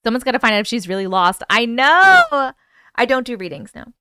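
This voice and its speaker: A woman's voice: a little high, very animated, a little fast, sharp tone, clean tone, no room sound, studio quality. A woman hosting a casual livestream, chatting loosely, swearing freely and greeting and thanking viewers by name. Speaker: livestream host.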